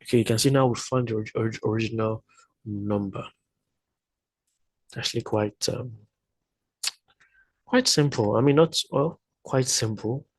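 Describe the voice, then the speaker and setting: A man's voice: fairly low pitch, brisk, long pauses, a little mellow, breathy edge, dry recording, poor audio. A man tutoring math, working through problems step by step while thinking aloud, with frequent hesitations and self-corrections.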